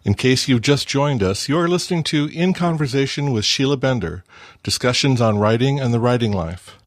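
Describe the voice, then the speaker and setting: A man reading a scripted radio station break in a measured, formal way. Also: mid-range voice, lively intonation, no room sound, studio quality.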